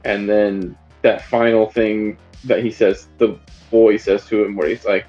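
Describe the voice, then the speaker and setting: Podcast co-host, male, lowish pitch, rambling casual delivery, slightly dull lo-fi sound, faint music behind. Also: flat delivery, unhurried, warm tone. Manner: rambling, frequent fillers and restarts. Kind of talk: casual film discussion.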